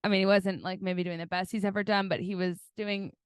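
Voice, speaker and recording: A woman's voice: mid-range voice, flat delivery, brisk, smooth, dry recording, clean studio sound. A woman co-hosting a podcast, chatting casually and giggling, often acting out quotes in silly voices. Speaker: podcast co-host. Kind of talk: casual chat.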